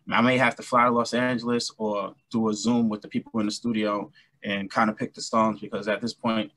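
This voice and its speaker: A middle-aged man from New York City, a guest musician chatting casually and telling animated stories. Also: lowish voice, brisk, no echo. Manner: chatty, storytelling, animated anecdotes. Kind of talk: casual interview chat.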